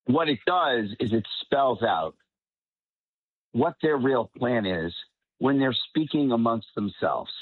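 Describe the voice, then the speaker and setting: A man's voice: mid-range voice, animated, slow pace, breathy edge, dry recording. Long-winded male commentator on a tinny line. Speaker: political commentator guest. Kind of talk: panel commentary. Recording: tinny phone-like line, dry.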